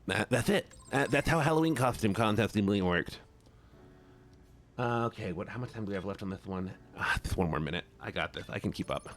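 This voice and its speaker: A man's voice: lowish voice, expressive, a little fast, fairly bright tone. A man, a streamer and voice actor, chatting casually with his viewers while playing a game. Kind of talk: casual gaming livestream chat.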